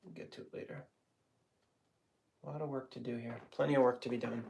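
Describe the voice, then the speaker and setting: Painting on a live stream, this man speaks in a gravelly, mid-range voice that's fairly quick and fairly even in intonation. He rambles casually, talking both to himself and his chat, and when he launches into a rant he gets heated and louder.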